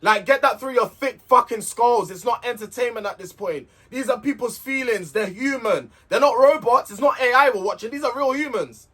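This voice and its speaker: Man, high voice, casual vlog rant, heated, sweary, sarcastic. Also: normal speed, few pauses, fairly bright tone. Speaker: reality show recapper.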